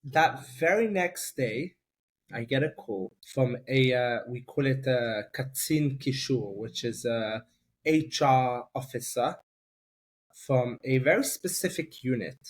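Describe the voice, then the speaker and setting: A man from London, an army reservist guest, telling personal stories in a fast, halting way, repeating words and rising sharply when emphatic. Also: medium pitch. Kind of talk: emotional personal storytelling.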